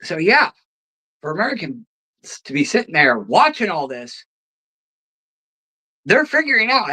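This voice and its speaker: A host tears into politics in a bright, cutting voice, swearing freely and throwing out sarcastic rhetorical questions. The delivery is a heated, one-sided rant. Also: mid-range voice, big pitch swings, moderate pace, long pauses, low-quality recording. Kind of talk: ranting political commentary.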